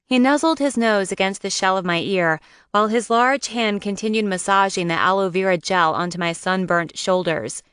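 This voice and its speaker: A woman reading a first-person romance audiobook with a wry, lively storytelling manner. Her voice is smooth and clear, recorded dry and close with no room sound. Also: medium pitch, moderate pace, few pauses, no echo. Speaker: audiobook narrator.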